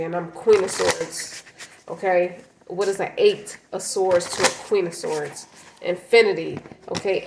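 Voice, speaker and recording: A woman reads tarot cards in loose, blunt talk, swearing freely and slipping into the voice of the listener's partner. Her voice sits a little low. The room around her is echoey, with faint noise behind her. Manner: blunt, profane, speaks as the client's partner. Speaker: tarot reader. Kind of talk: casual tarot reading.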